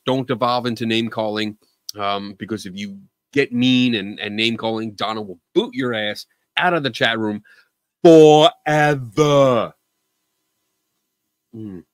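A man's voice: medium pitch, pushed and bright, no echo. A man hosting a live call-in show, chatting casually in a joking, self-deprecating way. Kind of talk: casual livestream chat.

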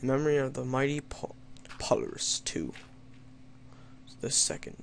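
A man's voice: mid-range voice, little pitch movement, quick pace, vocal fry, slight background noise. A young man doing let's play commentary, reading story lines in a mock-dramatic tone and joking wryly at himself. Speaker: gamer playing an adventure map.

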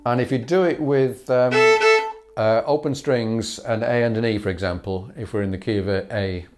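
A man's voice: mid-range voice, normal speed, loud music behind the voice. A man teaching a fiddle lesson, explaining patterns in an easy, chatty way with small laughs and fillers. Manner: relaxed, explanatory, chuckles and fillers, counts bows aloud. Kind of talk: instructional lesson.

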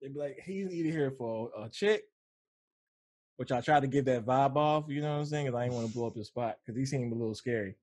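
A man in his thirties talks loosely with friends, his slangy speech relaxed and unhurried. The voice has a husky edge to it. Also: no room sound. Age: 30s. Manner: laid-back slangy storytelling, breaks into falsetto when joking. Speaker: podcast co-host. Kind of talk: casual chat.

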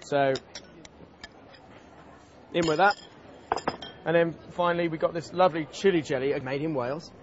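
Chatty chef at an outdoor festival. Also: male voice, fairly high pitch, moderate pace, long pauses, dull audio, background noise. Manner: casual, chatty, enthusiastic. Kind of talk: cooking demonstration.

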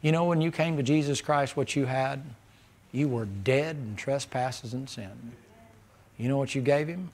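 A man's voice: medium pitch, unhurried. Folksy preacher man. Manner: folksy, preacherly, swings between loud and hushed. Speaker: pastor. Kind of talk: sermon.

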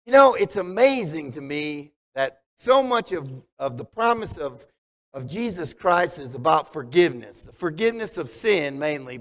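A man's voice: fairly high pitch, a bit bright. A man preaching a conversational sermon as pastor, asking the congregation questions. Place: church sanctuary. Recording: long hall reverb.

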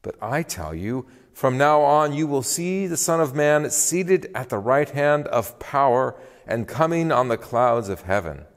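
A man reading a calm solemn condemned teacher. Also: mid-range voice, measured pace, few pauses, long reverb tail.

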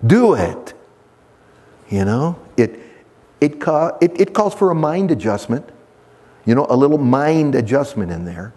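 A male pastor preaching a verse-by-verse sermon in a church, emphatic and repetitive, swinging between soft and animated delivery. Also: mid-range voice.

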